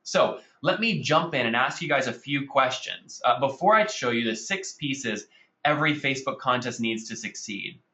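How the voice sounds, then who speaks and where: A man's voice: medium pitch, animated, normal speed, sharp tone, roomy sound, dull audio. A man hosting a marketing webinar, speaking energetically and calling his audience guys. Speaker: webinar host.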